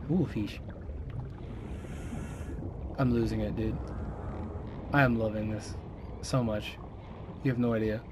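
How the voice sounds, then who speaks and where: Excitable young man playing a game. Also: medium pitch, background noise. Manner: excitable, chatters to the game creatures, jokey swearing. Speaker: gaming channel host. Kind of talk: let's play commentary. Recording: game music running underneath.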